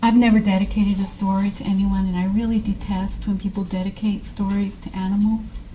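Wry woman author with a mellow voice. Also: medium pitch, flat delivery, brisk, slight background noise, poor audio. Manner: wry, self-deprecating. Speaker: author reading. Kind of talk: live story reading.

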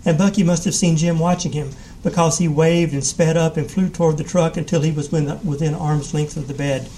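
A man reads a story aloud at a live event, his delivery steady and measured. His voice sits a little higher than most men's. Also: a little hiss or hum, poor audio.

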